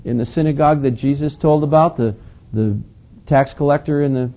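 A man's voice: a little high, brisk, dark tone. A man preaching a sermon in a conversational, questioning way, stressing his points with emphasis.

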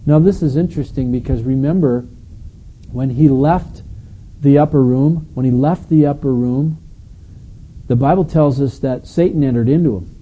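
Dark-voiced preacher, conversational. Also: male voice, mid-range voice, moderate pace, breathy edge, low-quality recording. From Wisconsin, United States. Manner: storytelling preacher, reads scripture then explains it conversationally. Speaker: pastor. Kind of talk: sermon.

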